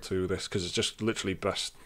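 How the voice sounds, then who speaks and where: Rambling podcast host, lowish voice. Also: male voice, fast talker, crowd noise. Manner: rambling, animated, swears, trails off. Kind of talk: casual chat.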